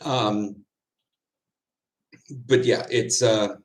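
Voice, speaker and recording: With a voice on the low side, a man who plays football chats on a livestream and reads out viewer comments to answer. He's relaxed and meandering, full of fast side remarks and laughs.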